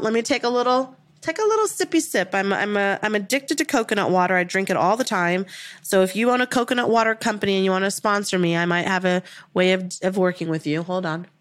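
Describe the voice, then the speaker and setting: A woman's voice: a little high, fairly quick, fairly bright tone, dry recording. A woman hosting a manifestation podcast, speaking in an emphatic, repetitive, heartfelt way and swearing casually. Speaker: podcast host, manifestation coach. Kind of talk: motivational podcast talk.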